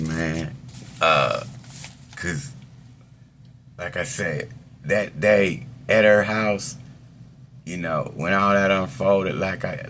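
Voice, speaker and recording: Deep gravelly man rambling through a story. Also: fairly bright tone, slight background noise. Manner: rambling, profane street talk with many fillers. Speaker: storyteller recounting his past. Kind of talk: casual personal storytelling.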